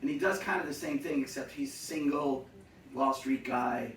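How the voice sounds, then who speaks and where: A man telling funny stories to a live audience, acting out other people with loud shouted voices. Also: medium pitch, moderate pace, a little hiss or hum. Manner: animated, acts out shouting voices. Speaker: comedic storyteller. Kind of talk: live storytelling set. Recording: echoey room, mic from a distance.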